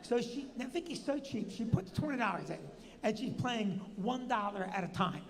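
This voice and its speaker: A man with a New Jersey accent hosting a live show, telling a story with lively, acted-out quotes. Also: normal speed. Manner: animated, acts out quotes with big pitch jumps. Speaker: comedian and show host. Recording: long hall reverb.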